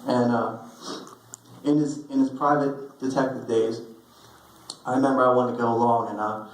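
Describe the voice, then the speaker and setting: A young man giving a personal eulogy, telling stories with halting restarts and fillers, recorded on a phone in a funeral hall. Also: medium pitch, flat delivery, slight background noise. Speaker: eulogy speaker. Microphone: phone recording from the audience.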